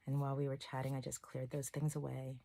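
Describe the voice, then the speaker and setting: Low-voiced woman vlogging candidly. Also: completely flat delivery, fast talker, gravelly, warm tone, no echo. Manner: candid, rambling, emotional storytelling. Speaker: self-love coach and channel host. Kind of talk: casual personal vlog monologue.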